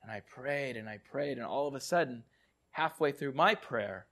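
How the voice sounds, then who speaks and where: A male pastor preaching a sermon and telling stories, often repeating words and dropping to quiet, soft tones. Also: medium pitch, moderate pace.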